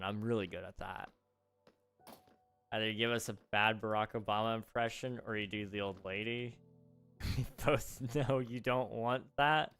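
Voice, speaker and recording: A man's voice: fairly low pitch, bright, forceful tone, smooth. Joking male game streamer. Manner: joking, talks to chat, repeats himself. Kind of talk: casual live-stream chat while gaming.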